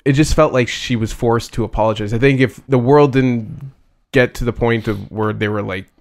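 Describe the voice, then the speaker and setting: A man co-hosting a casual podcast chat, talking in halting bursts full of fillers and restarts. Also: mid-range voice, fairly even intonation.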